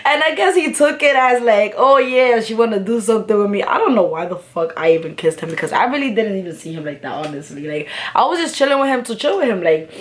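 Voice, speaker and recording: A woman's voice: medium pitch, expressive, fast talker, hardly any pauses. A young woman tells a storytime to her camera while she does her makeup. Her talk is candid, profane and thick with slang and fillers. It stays a casual, confiding chat. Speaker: vlogger.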